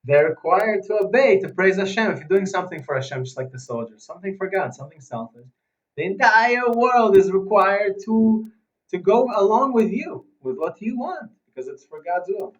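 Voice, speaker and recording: A man's voice: high voice, big pitch swings, moderate pace. A man teaching an informal religious lesson as a rabbi, telling stories and repeating phrases for emphasis. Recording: dull, muffled recording.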